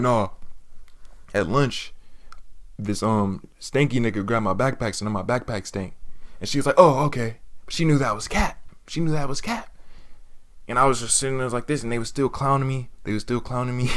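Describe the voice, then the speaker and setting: A man telling a personal story in casual, profane slang, often breaking into laughter. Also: mid-range voice. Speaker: storytime vlogger.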